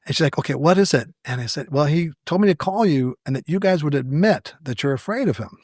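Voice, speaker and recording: A man's voice: on the high side, quick pace, no echo, clean studio sound. A man, a podcast guest, telling stories with wry humor and acting out quoted dialogue. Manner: animated storyteller who acts out quoted dialogue; wry, self-deprecating humor. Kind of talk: anecdotal storytelling in conversation.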